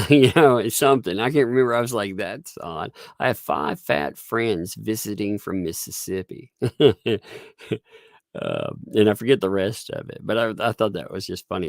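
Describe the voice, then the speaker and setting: A man's voice: deep voice, vocal fry, no echo, clean studio sound. A man hosting a casual livestream, rambling and laughing often. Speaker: livestream host.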